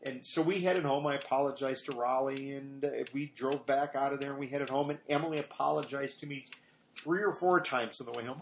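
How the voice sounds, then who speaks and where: In an echoey room with a bit of noise, a middle-aged man preaches informally as pastor, speaking fairly quickly at medium pitch. He's conversational and wanders through personal anecdotes, raising his voice to act out the lines people said.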